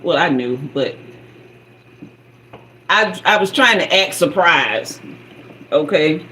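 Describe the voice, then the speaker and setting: A woman host telling a personal story in a sassy, animated way, acting out sounds and quoted dialogue. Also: low voice, slow pace, a little hiss or hum, poor audio. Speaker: spiritual guide and channel host.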